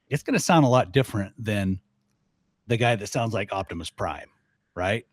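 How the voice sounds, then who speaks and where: An older man, a guest on a podcast, talking casually and lively, mimicking sounds as he explains. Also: on the low side, moderate pace, no room sound. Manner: animated, mimics elk bugles and voices. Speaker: guest, elk calling expert.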